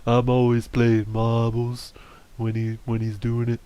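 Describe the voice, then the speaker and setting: Dragon Force, a man doing a deadpan slow dragon. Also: medium pitch, clear, resonant tone, natural voice. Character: deadpan male dragon foe.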